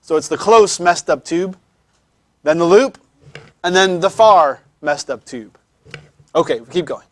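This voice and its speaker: A man teaching a classroom lecture, pausing often to explain in a conversational way and repeating his words. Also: on the high side, expressive.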